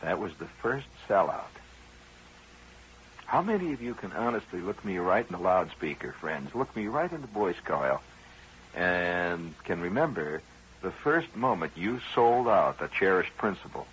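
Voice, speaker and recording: A man's voice: deep voice, sing-song, measured pace, a bit bright, slight background noise, rough recording. A man hosting a radio show, telling a rambling personal story in a conversational, wry way with frequent asides to his listeners.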